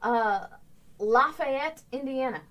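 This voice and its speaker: A woman hosting a casual talk show, upbeat and quick to laugh as she reads out viewers' hometowns. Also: sits high, fairly bright tone. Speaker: show host. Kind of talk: casual morning show chat. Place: home studio set.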